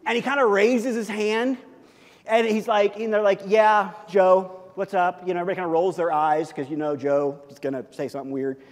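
High-voiced pastor preaching in a reverberant hall. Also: male voice, fast. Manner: conversational, animated storytelling with many fillers and repeats. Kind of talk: sermon.

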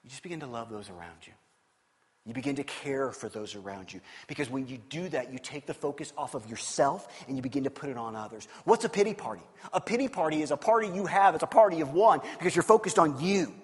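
Pastor preaching in a reverberant hall. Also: male voice, fairly high pitch, fast, few pauses. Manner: animated storytelling, swings from loud to hushed. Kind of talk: sermon.

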